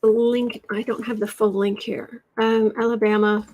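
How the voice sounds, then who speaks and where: Husky-voiced American woman livestreaming. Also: fairly high pitch, flat delivery, measured pace, a little mellow. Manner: exasperated, reads headlines aloud, coos to her cat. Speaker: livestream host. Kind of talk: casual political livestream chat.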